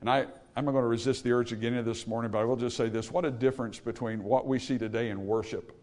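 A man preaching a sermon to a congregation, swinging from hushed, low passages to loud, emphatic ones and asking rhetorical questions. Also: steady tone, fast talker.

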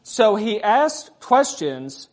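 Man, high voice, sermon, conversational preaching, asks the congregation many questions. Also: sing-song, very slow. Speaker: pastor.

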